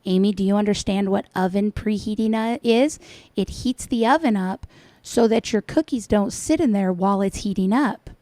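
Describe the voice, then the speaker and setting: A woman's voice: mid-range voice, normal speed, dark tone, no echo. A woman giving sarcastic, scolding reaction commentary over a cooking video. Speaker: commentator reacting to another vlogger.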